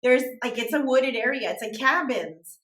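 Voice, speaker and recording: A woman's voice: high-pitched, expressive, moderate pace, fairly bright tone. A woman telling a long story in casual chat, rambling and using "like" a lot. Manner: rambling, heavy use of "like". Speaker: podcast team member telling a story. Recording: echoey room.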